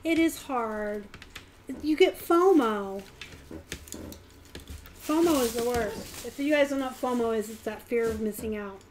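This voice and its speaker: A woman hosting a casual live stream, talking in a chatty, animated way with bursts of fast talk. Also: on the high side, slight background noise. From Pittsburgh area, US. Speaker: live stream host, reseller.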